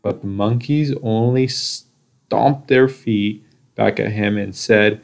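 Slow gravelly man reading a storybook. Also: lowish voice. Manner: slow, deliberate, with repetitions and pauses. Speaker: storybook reader. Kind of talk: children's story read-aloud.

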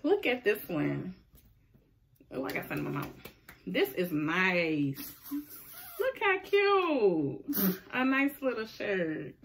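A woman hosts a relaxed home vlog and talks to her viewers and her son in a doting, coaxing way. Her voice has a gravelly edge. Her pitch swings widely from low murmurs to high, delighted exclamations. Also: unhurried, long pauses, a little hiss or hum. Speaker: vlog host and mother. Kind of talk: casual unboxing chat with viewers.

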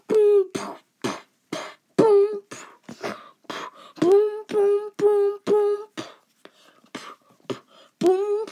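A woman's voice: very high-pitched, slow pace, long pauses. A woman playing through a silly skit, who talks playfully and keeps dropping into mumbled whispers. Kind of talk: playful toy-play voices.

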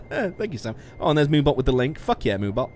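Guy streaming a truck game, lively swings in pitch, sweary and self-mocking, faint game noise behind. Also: a little fast. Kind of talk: casual game livestream chat. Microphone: studio musician mic.

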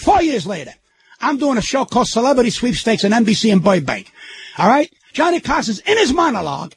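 Excitable older New comic telling stories. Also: male voice, very high voice, a little fast, creaky, slight background noise. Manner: excitable, repeats himself, acts out quotes in raised voice. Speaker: comedian guest. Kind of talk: animated storytelling on talk radio.

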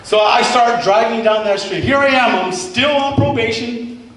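A man's voice: very high voice, normal speed, fairly bright tone. A man in his forties giving an earnest personal testimony to a congregation, repeating himself and acting out quoted dialogue, recorded from a distance in a large church hall. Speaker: former member giving testimony. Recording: echoey hall from far off, faint hiss.

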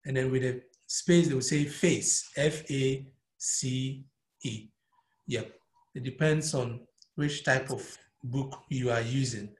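Ghanaian male music teacher, unhurried, switches between English and Twi, reverberant room. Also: medium pitch, fairly even intonation, a little hiss or hum. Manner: mixes English and Twi, spells out note names one by one. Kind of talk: live-streamed music theory lesson. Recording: echoey room.

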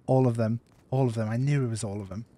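A man's voice: medium pitch, steady tone, fast talker, dark tone. A man streaming a survival game, chatting loosely and repeating himself as he plays. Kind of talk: live gameplay commentary.

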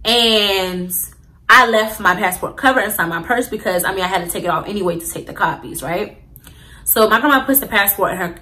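A young woman tells a casual storytime straight to her viewers. Her voice is bright and crisp, and she is loose and animated, full of slang and asides to the audience. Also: medium pitch, brisk, poor audio. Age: young adult. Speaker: vlogger.

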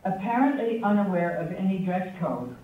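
A man giving a prepared tribute speech at a memorial forum, telling his anecdotes in a measured, wry and affectionate way. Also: sits high, sing-song, a little hiss or hum. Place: university forum hall with audience. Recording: echoey, thin phone-like sound from far off.

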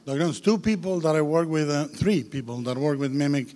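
A man's voice: on the high side, brisk. Man telling stories onstage in a reverberant hall. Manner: lively anecdote-teller, frequent "uh" fillers. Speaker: film director, interview guest. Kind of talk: onstage festival interview. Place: stage of a large hall.

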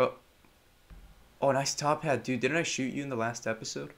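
A young man giving casual, joking commentary on a horror game, chatting to the characters and breaking into loud yelps. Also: mid-range voice, fairly even intonation, normal speed, gravelly. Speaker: gameplay commentator.

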